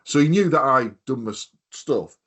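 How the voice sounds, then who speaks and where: This fifties-aged podcast co-host speaks in a mid-range voice with lively intonation, a moderate pace, a fairly bright tone and a breathy edge. His casual talk drifts into rambling stories laced with profanity and imitated voices.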